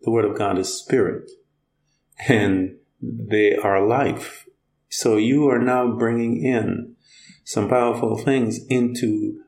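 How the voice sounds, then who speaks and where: Gravelly preacher in a roomy echo. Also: male voice, fairly low pitch, darkish tone. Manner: plain-spoken, retells scripture with voiced quotes. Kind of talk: conversational sermon.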